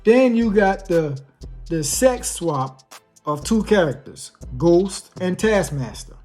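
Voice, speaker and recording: Man, casual movie review, slangy and opinionated, lively pitch, faint music behind. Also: slow pace. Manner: animated, conversational, slangy, rhetorical asides.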